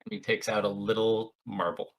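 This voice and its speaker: A game master narrating a tabletop game in a casual, relaxed way. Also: mid-range voice, normal speed.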